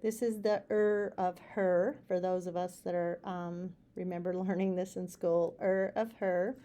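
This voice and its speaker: Middle-aged woman teacher, warm low-key tone, patient and repetitive phonics lesson. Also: flat delivery. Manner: patient, repeats sounds slowly and clearly. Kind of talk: phonics lesson for students and parents.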